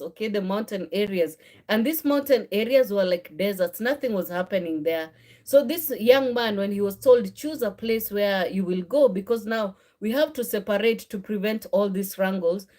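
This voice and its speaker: A woman's voice: medium pitch, dark tone. A woman giving an informal Bible teaching, earnest and conversational, often ending phrases with a questioning "okay?" and correcting herself as she goes. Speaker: faith and marriage channel host.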